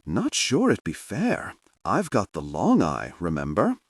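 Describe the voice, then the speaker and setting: A man's voice: fairly low pitch, wildly swooping pitch, measured pace, husky, dry recording, exaggerated voice. A man voicing a blunt, dry-witted young woman in an audiobook. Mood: teasing.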